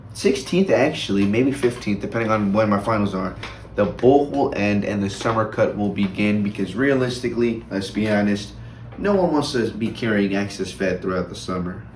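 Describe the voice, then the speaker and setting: A young adult man vlogs casually about his gym routine in a rambling way, full of fillers and restarts. His voice is fairly low, and the recording sounds roomy with a little hiss or hum.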